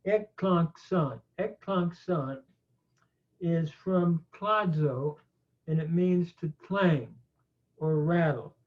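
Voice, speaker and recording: A man teaching a slow grammar lecture, pausing often with fillers. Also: on the high side. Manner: slow, halting, many "uh" fillers. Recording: tinny phone-like audio.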